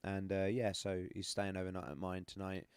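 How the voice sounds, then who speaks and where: A man's voice: sits low, completely flat delivery, brisk, smooth, no room sound. A middle-aged man with a northern English accent, chatting casually and rambling as a live-stream host at home, laughing often. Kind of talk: casual chat. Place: home room.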